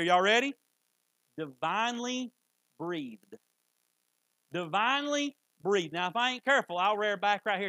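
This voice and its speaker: A man's voice: high-pitched, pushed and bright, no echo, low-quality recording. A man preaching a sermon, fervent and emphatic, repeating key phrases for weight. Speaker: pastor.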